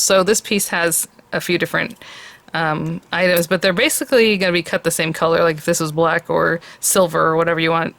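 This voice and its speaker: A woman's voice: fairly low pitch, gravelly, a bit bright. A woman hosting a craft tutorial, chatting casually and thinking aloud as she works.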